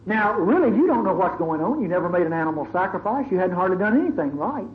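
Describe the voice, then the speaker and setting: A high-voiced man preaches a sermon, dramatic and conversational, acting out the stories as he tells them. The sound is thin and phone-like, with a faint hiss in the background. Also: big pitch swings, fast talker.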